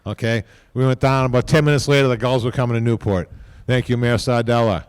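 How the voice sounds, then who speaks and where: A man speaking at a podium microphone during an induction ceremony, rambling informally, repeating himself and tagging lines with a quick "okay?". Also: mid-range voice, fairly even intonation, smooth, no room sound, clean studio sound. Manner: repeats words and restarts often. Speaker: team executive giving induction speech.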